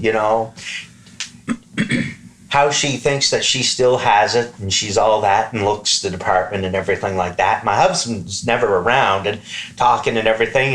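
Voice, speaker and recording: A man from the East Coast of Canada telling a comic story among friends, swearing freely and acting out the lines of people in the story. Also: on the low side. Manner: profane, animated, acts out quoted lines. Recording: roomy echo.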